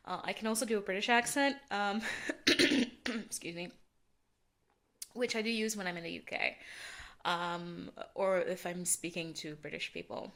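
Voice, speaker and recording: A woman's voice: mid-range voice, normal speed, fairly bright tone. A Norwegian woman in her thirties, a native Norwegian speaker with a learned General American accent, rambling casually and hesitantly with many ums and restarts. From Norway. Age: 30s. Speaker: vlogger.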